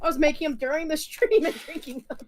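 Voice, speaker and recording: A woman's voice: sits high, steady tone, fast talker, poor audio. A woman co-hosting a livestream, chatting casually, joking and reading out donations. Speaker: co-host of a livestream.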